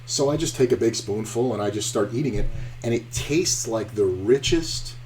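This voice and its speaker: Mellow-voiced man swearing through a stream. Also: mid-range voice, normal speed, a little hiss or hum. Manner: profane, animated storyteller, trash-talking at the screen. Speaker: poker streamer. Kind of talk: casual live-stream commentary and storytelling.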